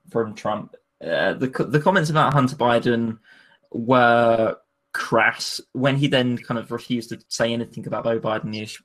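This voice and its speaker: A man's voice: mid-range voice, a bit bright. A man hosting a casual podcast discussion, asking his co-host questions in a conversational, slightly hesitant way. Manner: conversational interviewer, poses questions, hesitant with ums.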